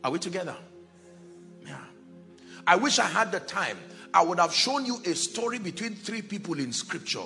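A male preacher delivers a dramatic sermon, his gravelly, bright voice rising into loud exclamations and dropping to low, quiet lines. His pitch is lively and full of movement. Soft music plays faintly behind him. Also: normal speed.

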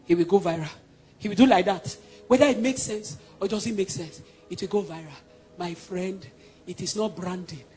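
Man, Nigerian accent, preacher, emphatic sermon delivery, faint music underneath. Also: high voice. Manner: emphatic, swinging between loud declarations and hushed passages.

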